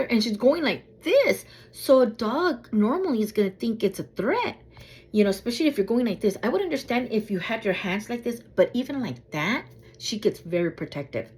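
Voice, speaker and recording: A woman vlogger telling a travel story in a casual way, acting out what people said with a high, lively voice. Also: normal speed, slightly rough. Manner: animated, acts out quotes in a high voice.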